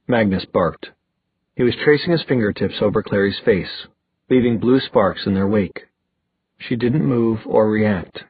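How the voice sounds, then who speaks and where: A low-voiced man with a husky tone reads an audiobook, steady and measured. The recording is tinny and phone-like, completely dry with no room sound. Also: no echo. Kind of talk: scripted audiobook narration.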